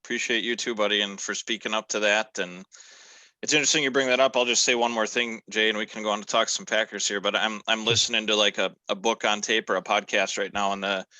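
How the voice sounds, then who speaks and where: Earnest low-voiced man, bright tone. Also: dry recording, low-quality recording. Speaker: podcast guest. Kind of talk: casual chat.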